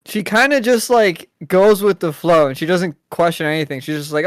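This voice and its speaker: Casual podcast co-host, man, smooth clear voice, dry close sound, rambling delivery. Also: sits high, expressive, normal speed, dry recording. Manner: laid-back, rambling, laughs often. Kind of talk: casual chat.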